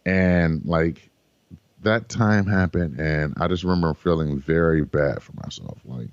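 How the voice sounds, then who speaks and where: A man with a very low voice tells a long story as an interview guest. He acts out the quoted lines with energy. The sound is dull and lo-fi, recorded in a dry space. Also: a little slow, clear, resonant tone, no room sound. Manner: animated, acts out quoted dialogue. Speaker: guest, runner.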